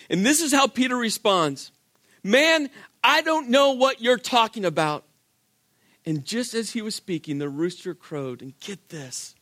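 Animated high-voiced male preacher. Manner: animated storytelling, acts out quotes, rhetorical questions. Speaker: pastor. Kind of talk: sermon.

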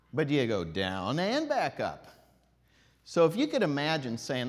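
A man's voice: medium pitch, normal speed. Man teaching in a reverberant hall. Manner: animated, demonstrates tones by singing out long vowels. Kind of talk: classroom lesson.

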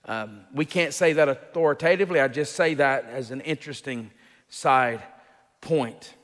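A man preaching an expository sermon as a pastor, teaching in an unhurried way with fillers and restarts and rising emphasis on key points. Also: medium pitch, a bit bright, long reverb tail.

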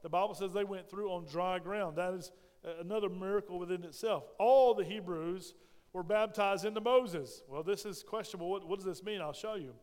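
A man's voice: sits high, fairly quick, darkish tone, big-room sound. A male pastor preaching a sermon in a folksy, storytelling way, often checking in with "right?". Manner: frequent "right?" check-ins.

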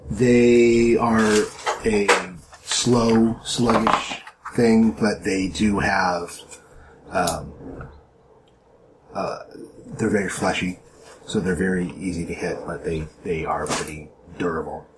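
A man narrating a tabletop game as game master, describing scenes with halting restarts and fillers. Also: low-pitched, little pitch movement, noisy background.

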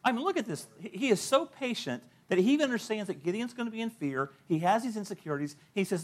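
Animated, high-voiced male pastor preaching. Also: fairly quick, few pauses. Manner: animated storytelling, acting out quoted voices, laughing at own points. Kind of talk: sermon.

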